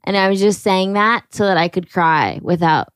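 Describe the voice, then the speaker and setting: A young woman hosting a podcast, telling a story in a casual, animated way, acting out quotes and laughing often. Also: mid-range voice, moderate pace, smooth, no room sound, studio quality. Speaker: podcast host.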